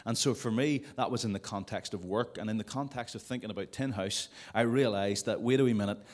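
A man's voice: on the low side, a little fast. A man preaching a sermon to a congregation in a conversational way, with jokey asides. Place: church service before a congregation.

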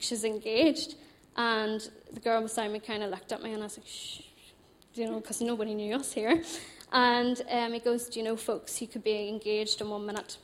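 Chatty Northern Irish woman, fairly high voice. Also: a little hiss or hum. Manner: animated, chatty, laughs often. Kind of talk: personal testimony storytelling.

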